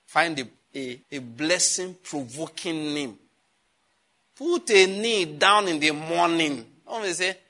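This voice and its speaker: A man's voice: fairly high pitch, expressive, normal speed, long pauses, pushed and bright. A man with a Nigerian accent preaching a sermon. He laughs at his own jokes and calls on the congregation to repeat his words back.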